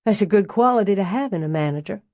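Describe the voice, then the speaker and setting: A woman's voice: medium pitch, expressive, fast, a little mellow, no echo, studio quality, voice pushed up, lightly acted. A woman voicing Roz, a frank, wry and elegant older estate owner with a Southern accent, in an audiobook reading. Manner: blunt and dryly amused.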